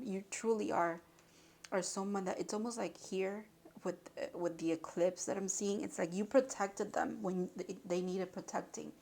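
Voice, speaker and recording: A woman giving an intuitive spiritual card reading, emotional and halting, with sighs and restarts. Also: medium pitch, darkish tone.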